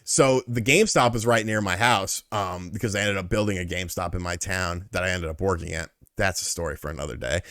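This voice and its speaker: A man hosting a casual interview, telling stories in an animated, profane way. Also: low-pitched, brisk, hardly any pauses, no room sound, studio quality. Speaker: host.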